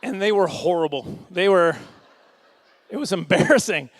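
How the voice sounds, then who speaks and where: A middle-aged man doing a stand-up comedy set at a fundraising dinner, rambling and self-deprecating, with quick asides and chuckles. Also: high voice, animated.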